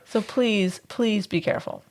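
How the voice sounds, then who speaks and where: A woman's voice: medium pitch, unhurried, darkish tone. A woman co-hosting a podcast in casual chat, easygoing and playful, laughing along with her co-host.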